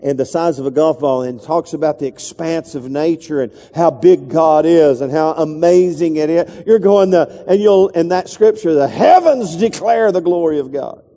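A man's voice: a little high, fairly even intonation, normal speed, hardly any pauses, mellow, long reverb tail. A male pastor preaching a sermon in a loose, conversational way, with restarts and asides to the congregation.

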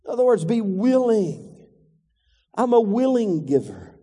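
A man's voice: sits high, very animated, a little slow, dark tone, slightly rough, long reverb tail. A man preaching a sermon as pastor, calling for congregation responses and acting out voices.

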